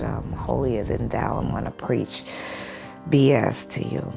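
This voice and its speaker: A woman with a rumbling low voice and vocal fry speaks slowly yet animatedly over music. In a documentary interview at home, she relates a personal story with earnest feeling, sing-song whenever she quotes others.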